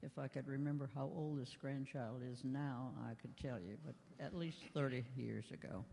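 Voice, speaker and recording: An older man slowly recalling a family story at a panel discussion, in an echoey hall. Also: mid-range voice, steady tone, creaky, mellow, slight background noise.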